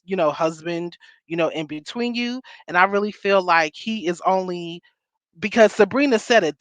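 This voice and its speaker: A woman's voice: on the low side, dry recording. Chatty woman recapping a reality show. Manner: chatty, animated, repeats for emphasis. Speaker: podcast co-host.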